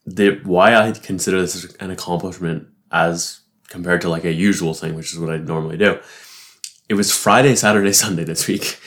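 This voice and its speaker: A man's voice: low voice, a bit bright. A young man talking through his week in a casual, rambling way, swearing often, laughing to himself and filling gaps with "like". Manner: profane, rambling, frequent "like" fillers, laughs to himself. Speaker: barista reflecting on his week. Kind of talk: casual solo reflection.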